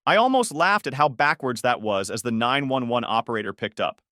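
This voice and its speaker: A male narrator tells a first-person story with tense, dramatic pacing. His pitch swings widely as he builds the scenes. The sound is dry and close, with no room around it. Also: lively intonation, fairly quick, bright, forceful tone, no room sound.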